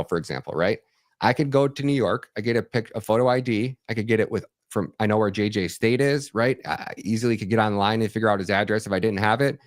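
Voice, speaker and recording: Lowish-voiced man explaining earnestly. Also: no echo, studio quality. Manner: earnest, animated storytelling with frequent restarts and "right?" tags. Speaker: podcast guest, documentary filmmaker. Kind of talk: conversational explanation in an interview.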